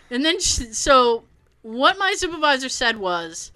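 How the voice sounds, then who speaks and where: High bright-voiced woman, animated and profane. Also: moderate pace, clean tone. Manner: animated, profane, laughs often. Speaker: podcast host. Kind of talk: casual chat.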